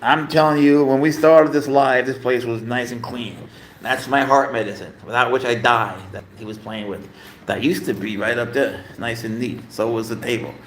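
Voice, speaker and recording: On a casual livestream from home, a man rambles to his cat and his viewers, full of fillers. His voice is medium-pitched and a bit bright, with fairly even intonation at a normal speed. There is slight background noise.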